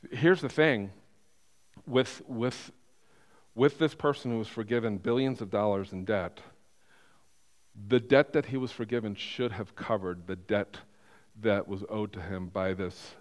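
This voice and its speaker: Male pastor, mid pitch, smooth resonant voice, lively restarting delivery, echoing church hall. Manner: animated storytelling with frequent restarts. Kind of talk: sermon. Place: church sanctuary. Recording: reverberant hall.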